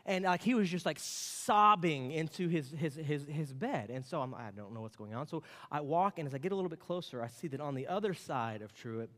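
A man in his late thirties preaching a sermon, telling a family story with an animated, storytelling manner. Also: a little high, a little fast, few pauses. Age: late 30s. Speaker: pastor. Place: church sanctuary. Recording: long reverb of a church hall.

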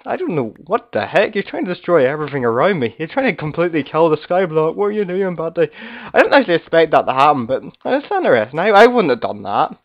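A man hosting a casual game commentary, slightly hoarse from being sick, rambling and chatty as he talks to viewers and fellow players. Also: on the high side, sing-song, fast talker, highs cut off. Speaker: gaming video host.

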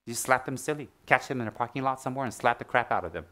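A man teaching the Dharma, his voice sitting at a middling pitch. He teases his listeners with loud, animated jokes, then sinks into soft, earnest explanation. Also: very fast. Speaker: Buddhist teacher. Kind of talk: Dharma talk.

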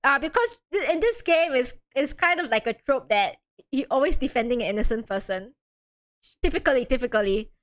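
A woman's voice: high voice, expressive, fairly quick. A young woman streaming a game, chatting casually, giggly and apologetic, often trailing off and repeating herself.

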